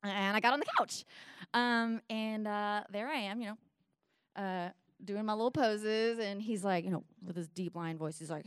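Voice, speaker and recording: A young woman telling a bawdy comic story, animated and full of voiced asides. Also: medium pitch, moderate pace, smooth, no room sound, studio quality. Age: young adult.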